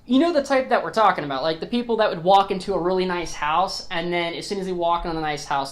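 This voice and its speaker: A man reviewing a film on his own channel in a casual, blunt rant, often swearing and restarting words, leaning on "like" and "you know what I mean". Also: high-pitched. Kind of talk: casual opinion rant to camera.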